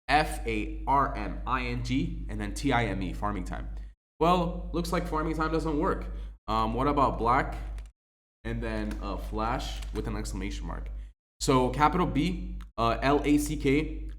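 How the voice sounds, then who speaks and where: A man's voice: mid-range voice, a bit bright. A young man casually testing game codes, spelling them out letter by letter, with many ums and uhs. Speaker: gaming YouTuber. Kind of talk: casual game code walkthrough.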